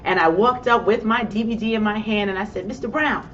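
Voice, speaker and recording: A woman with a New York accent, giving a motivational talk and acting out her own excited reactions as she tells a personal story. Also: a little fast. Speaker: motivational speaker. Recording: distant, dull sound with faint rumble.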